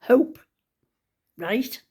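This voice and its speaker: A woman's voice: very slow, dark tone. An older woman with a Liverpool accent, telling an emotional personal story to camera in a chatty, heartfelt way with local dialect. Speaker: vlogger.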